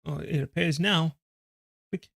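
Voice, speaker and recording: A man's voice: a little high, a little slow, vocal fry, fairly bright tone, no echo, studio quality. Chatty man streaming a strategy game. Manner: chatty, self-deprecating, talks to his PC and game while playing. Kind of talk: live gameplay commentary.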